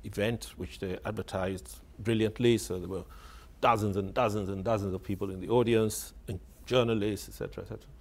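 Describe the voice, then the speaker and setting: A gravelly, fairly low-pitched man talks a little fast with few pauses and fairly even intonation. He's an author on radio recalling the past, hesitant and repetitive as he searches for words, laughing wryly mid-story.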